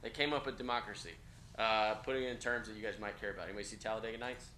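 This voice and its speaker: A male instructor lectures with a bright, forceful tone and keeps checking in with his students. The classroom rings with echo, and a faint hiss sits underneath. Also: lowish voice, very fast. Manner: energetic, conversational, frequent "okay?" check-ins. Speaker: college instructor. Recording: echoey classroom with faint noise.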